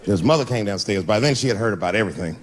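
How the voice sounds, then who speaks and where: A middle-aged man from the United States telling a long stand-up story to a live audience, jumping into high squealing voices for his characters. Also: lively intonation, rapid-fire. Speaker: stand-up comedian. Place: large live venue with laughing audience. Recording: noisy live stage recording.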